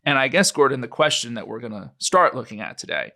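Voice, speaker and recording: A male podcast co-host who chats in a loose, rambling, self-mocking way. His voice is bright and forceful at a middle pitch. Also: very animated, fast talker, vocal fry. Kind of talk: casual podcast chat.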